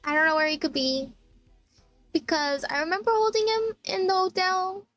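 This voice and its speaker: Woman streamer, high voice, tearful, laughing while crying, casual chat, lots of "like". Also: level tone, moderate pace, fairly bright tone, faint music behind. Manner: teary, laughing through tears, heavy "like" fillers.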